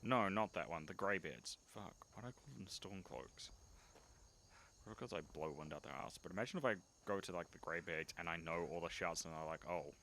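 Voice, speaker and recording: Deep-voiced Australian man streaming a game. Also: animated, a little fast, pushed and bright, slight background noise. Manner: swearing, joking, bursts of exclamation. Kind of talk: casual gameplay commentary.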